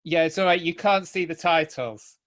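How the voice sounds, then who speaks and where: A man's voice: on the high side, normal speed. A man chatting casually and joking on a video call before a jiu-jitsu class. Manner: relaxed, joking. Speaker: student. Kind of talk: casual chat.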